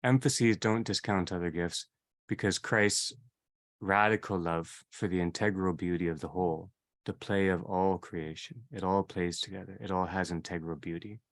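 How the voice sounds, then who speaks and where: Male seminar leader, slightly low pitch, measured reflective delivery, circles back on his own phrases. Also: fairly even intonation. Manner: repeats and rephrases, unhurried. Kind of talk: reflective theology lecture.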